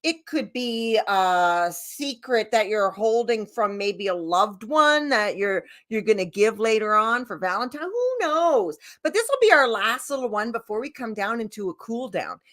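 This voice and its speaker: A woman leading a laughter yoga session, bubbly and giggly, gently coaching the viewer directly. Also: fairly high pitch, animated, a little slow, few pauses.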